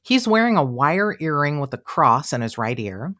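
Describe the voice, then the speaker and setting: In loose, conversational talk, a co-host recounts a true-crime case on a podcast at a moderate pace. Their middle-pitched voice turns animated, slipping into quoted voices, with many fillers like "you know."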